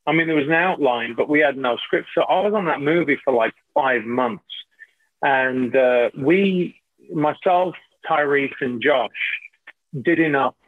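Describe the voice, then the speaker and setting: A middle-aged man, telling stories as an actor guest in a casual interview. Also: a little high. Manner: animated, repeats and restarts while telling anecdotes. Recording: tinny phone-like line.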